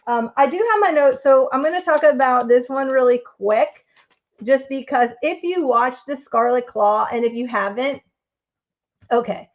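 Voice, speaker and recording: A woman's voice: high-pitched, moderate pace, muffled recording. Chatty woman hosting a live stream. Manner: chatty, rambling, reads out chat votes. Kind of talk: casual live-stream chat.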